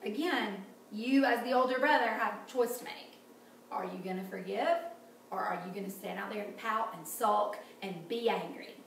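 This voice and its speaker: A woman teaching a children's Bible lesson in an animated way, often asking the kids questions. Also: mid-range voice, normal speed. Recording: echoey room, distant mic, faint noise.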